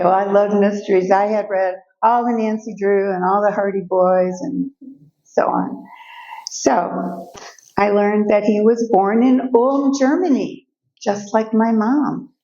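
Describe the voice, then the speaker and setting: An older woman speaking as a guest speaker, telling personal stories in a lively way and acting out the voices of the people in them. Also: medium pitch, creaky, highs cut off. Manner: lively storytelling, acts out quoted voices. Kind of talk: personal storytelling talk. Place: event room.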